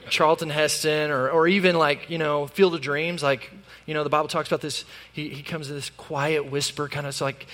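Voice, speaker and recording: A man preaching a sermon as pastor, conversational and animated, with sudden loud peaks. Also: fairly high pitch, moderate pace, long reverb tail.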